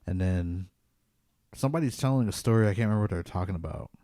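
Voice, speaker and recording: A man's voice: sits low, fast, warm tone, no room sound, clean studio sound. A man hosting a podcast, telling a personal ghost story in a casual, rambling way with many "like" fillers. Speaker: podcast host.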